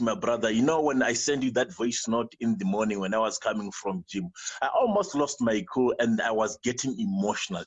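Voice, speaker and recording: Earnest, husky Zimbabwean man. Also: medium pitch. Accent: Zimbabwean English. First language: Venda. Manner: earnest, repetitive, with many restarts. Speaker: guest. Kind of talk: emotional personal testimony.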